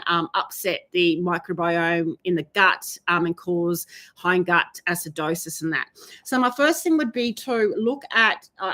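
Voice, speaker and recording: Bright-voiced woman, halting advice. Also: on the low side. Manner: hesitant, lots of ums, advice-giving. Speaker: horse trainer answering viewer questions. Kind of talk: live Q&A chat.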